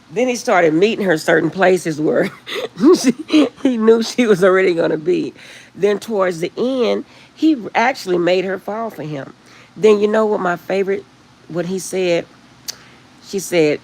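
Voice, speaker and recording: A middle-aged woman chatting casually with live viewers on her phone, rambling warmly and laughing often. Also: medium pitch, expressive, unhurried, low-quality recording. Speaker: livestream host.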